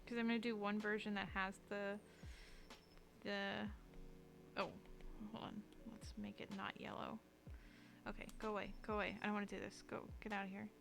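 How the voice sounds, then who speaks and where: A woman streamer chatting casually while she draws, rambling and self-deprecating, with lots of fillers and restarts and a habit of dropping to a low mutter as she works. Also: flat delivery, normal speed, creaky, long pauses, a bit bright, faint music behind. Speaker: streamer and artist. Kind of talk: casual live-stream chat while drawing.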